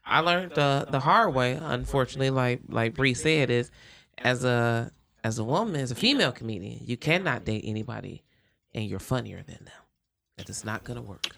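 Gravelly emphatic woman comedian. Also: very deep voice, expressive, normal speed, fairly bright tone. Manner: emphatic, hammers her points. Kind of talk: casual chat.

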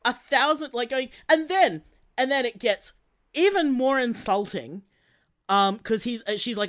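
A woman with an Australian accent co-hosting a comedy podcast, chatting casually in an exasperated, incredulous way with halting restarts. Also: fairly high pitch, expressive, fairly bright tone. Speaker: podcast co-host.

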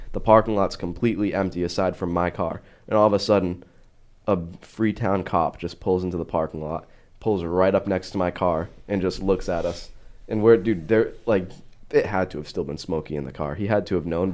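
Brief: young man, very low voice, rambling anecdote, loose and casual. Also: a little mellow. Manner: rambling, hesitant, full of likes.

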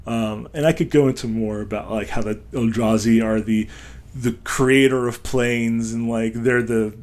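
A man's voice: medium pitch, steady tone, moderate pace, darkish tone. A man co-hosting a podcast, rambling through a story and acting out the lines of the people in it, often laughing. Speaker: podcast co-host. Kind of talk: casual chat, retelling a story with put-on voices.

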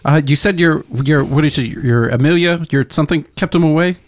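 A man playing a tabletop game in casual chat, laughing and making quick asides. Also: a little high. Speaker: player.

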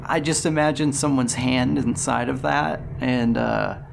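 A man's voice: medium pitch, fairly even intonation, unhurried, creaky, noisy background. A man co-hosting a casual podcast, dropping wry comments and laughing at his partner's story. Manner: wry interjecting remarks with frequent laughs. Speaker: podcast co-host. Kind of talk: casual chat.

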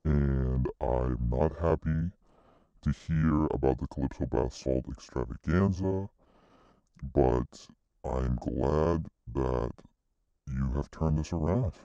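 A man playing a prim female bath shop owner in an improvised comedy sketch, rambling and halting. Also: very deep voice, mellow, no echo, lo-fi sound, heavily acted.

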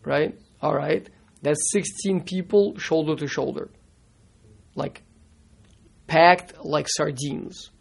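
Torah teacher, man, gravelly and slightly high voice, halting delivery with Hebrew phrases. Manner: halting, repeats words, mixes in Hebrew terms. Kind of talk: classroom Torah lesson.

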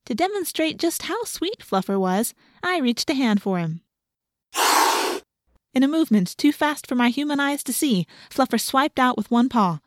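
Woman audiobook narrator, expressive, dry close mic. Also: high voice, normal speed, no room sound. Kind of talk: scripted first-person narration.

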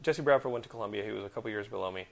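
A man in his thirties hosting a podcast, telling stories in casual chat with lots of swearing and animated outbursts. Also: fairly low pitch, very fast, creaky. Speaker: podcast host.

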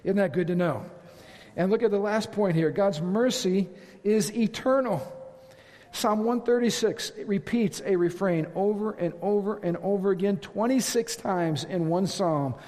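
A man preaching a sermon as pastor, emphatic, repeating phrases and building to loud exclamations. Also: high-pitched, a little slow. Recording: long hall reverb.

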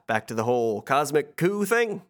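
A man voicing a smug, fast-talking male god of the underworld, with sarcastic patter. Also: mid-range voice, big pitch swings, voice pushed up, lightly acted. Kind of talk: podcast impression of a game villain.

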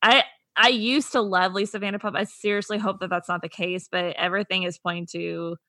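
A woman's voice: mid-range voice, fairly even intonation, brisk, pushed and bright, no room sound. A young woman co-hosting a podcast, giving thoughtful casual commentary with plenty of "I mean" and "like". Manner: thoughtful, reflective commentary with hedging fillers. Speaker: podcast co-host. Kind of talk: casual chat.

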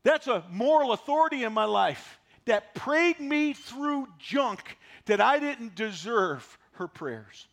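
A man in his sixties preaching a sermon, folksy and animated, driving points home with repetition. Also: extremely high pitch, slow pace. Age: 60s. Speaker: pastor.

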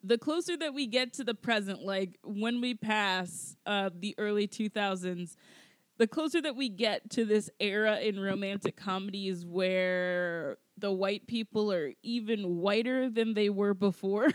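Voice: mid-range voice, measured pace, no room sound, studio quality. A podcast co-host in casual chat, rambling with many fillers and restarts.

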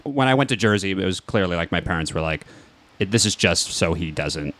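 A man's voice: low-pitched, animated, fairly quick, a bit bright. A man born in New York City co-hosting a casual podcast, rambling and joking, often cutting himself off. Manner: rambling, self-interrupting, joking.

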